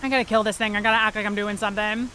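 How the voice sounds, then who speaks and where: A woman streaming a video game, chatting to her viewers, swearing freely and reacting fast to the gameplay. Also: mid-range voice, flat delivery, bright, forceful tone, slight background noise. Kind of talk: casual gameplay livestream chat.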